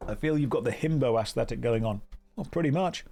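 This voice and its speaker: A young man with a Midwest American accent, chatting through a game stream at an easy middle pitch. He reads his chat aloud and answers it with dry, teasing humor, switching between jokes and quick game notes. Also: creaky, dark tone, faint music behind. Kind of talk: casual live-stream commentary.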